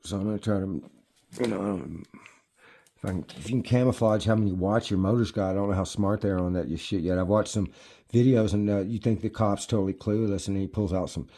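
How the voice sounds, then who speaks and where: A man's voice: fairly low pitch, fairly quick, mellow. Middle-aged male e-biker, loose and foul-mouthed, rambles and stumbles over his words. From United States. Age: 50s. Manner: profane, rambling, restarts often. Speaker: e-bike vlogger. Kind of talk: casual rambling talk to camera. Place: at home near his bikes.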